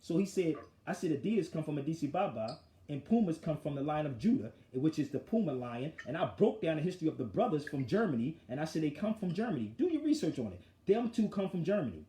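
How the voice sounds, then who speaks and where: A man hosting a talk show, telling the story of an argument in a forceful, animated way. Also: a little high, fast, hardly any pauses, echoey room. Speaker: show host. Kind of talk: casual street talk storytelling.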